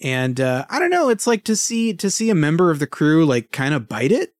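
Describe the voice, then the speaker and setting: A man's voice: a little high, very animated, a little fast, no room sound, studio quality. A man co-hosting a casual podcast over a remote call, thoughtful and hesitant with many fillers. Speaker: podcast co-host. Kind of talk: casual chat.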